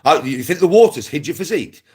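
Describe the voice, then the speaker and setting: A man's voice: on the high side, very animated, quick pace, dark tone, breathy edge. A man, ranting casually to camera in a mocking, taunting way, repeating his jibes and breaking into laughs. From West Midlands, England. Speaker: vlogger.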